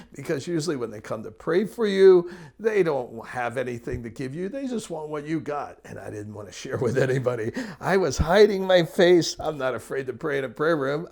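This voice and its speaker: A middle-aged man telling personal testimony stories as a ministry teacher, earnest, sometimes falling to a soft whisper. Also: a little high, vocal fry.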